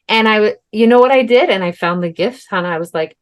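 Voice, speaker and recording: Talking fast in a mid-range voice, this young woman co-hosts a podcast and spins a story in casual conversation. Her delivery is chatty and loaded with fillers, with the occasional swear word.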